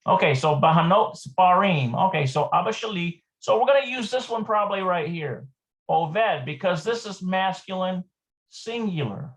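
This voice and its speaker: Gravelly man talking through a lesson. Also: sits high, expressive. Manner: thinks aloud, repeats words slowly. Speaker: language teacher. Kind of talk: casual lesson walkthrough.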